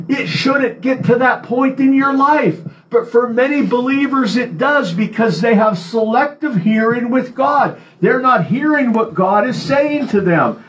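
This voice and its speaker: A man's voice: very high voice, a little slow, hardly any pauses, fairly bright tone, dull audio. A man preaching a sermon from a church podium, earnest and repeating key phrases for emphasis. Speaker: pastor.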